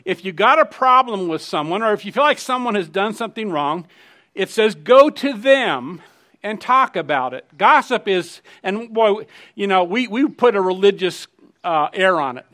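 A man's voice: high voice, animated, moderate pace, bright, forceful tone. A middle-aged man preaching a sermon, conversational and emphatic, telling personal stories. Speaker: pastor.

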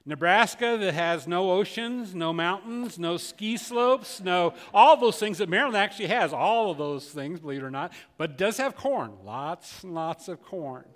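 A man's voice: high-pitched, lively intonation, moderate pace, hardly any pauses, in a large hall. An older man, a pastor, telling a story in a folksy, conversational sermon with many restarts.

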